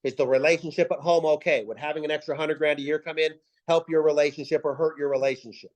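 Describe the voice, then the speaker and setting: A man's voice: on the high side, steady tone, fast talker, a little mellow, poor audio. A man leading a team video call, talking in punchy, emphatic rhetorical questions and repeating himself for effect. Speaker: team leader giving a sales pep talk.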